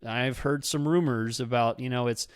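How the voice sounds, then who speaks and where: A man's voice: medium pitch, steady tone, moderate pace, no room sound, studio quality. A man hosting a podcast from his office, talking in a chatty, enthusiastic and self-deprecating way. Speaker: podcast host. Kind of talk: casual podcast talk with ad read.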